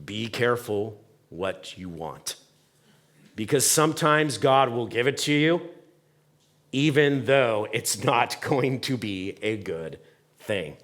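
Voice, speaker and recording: A man preaching a sermon as pastor in a church, conversational and animated, acting out the voices in the story and asking the congregation questions. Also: medium pitch. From United States. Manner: animated, acts out voices of people and God in quotes. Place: church sanctuary.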